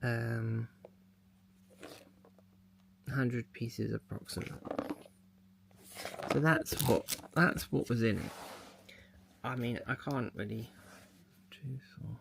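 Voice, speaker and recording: A man's voice: medium pitch, takes it slowly, gravelly, pauses often, noisy background. A man chatting casually as he unboxes a mystery box, thinking aloud as he handles the packaging. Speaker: unboxing vlogger.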